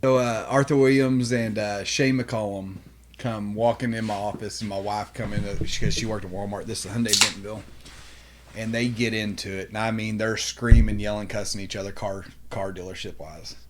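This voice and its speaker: A man's voice: fairly low pitch, moderate pace, noisy background. A man, a podcast guest telling work stories in casual, profane chat and acting out what people said. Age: 40s. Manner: animated, profane storytelling, acts out quotes.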